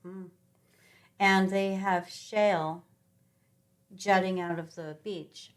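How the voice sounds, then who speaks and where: A middle-aged woman from Sacramento, a podcast guest, telling rambling, animated travel stories in a casual chat with lots of ums. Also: mid-range voice, takes it slowly. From Sacramento, California. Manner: rambling, animated travel anecdotes with many fillers. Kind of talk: casual conversational storytelling.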